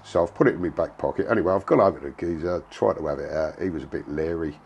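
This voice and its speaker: A man's voice: rumbling low, fast talker, a little mellow, highs cut off, a little hiss or hum. A man, telling a story in a blunt, casual way, full of slang and swearing. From England. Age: 60s. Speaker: interviewee.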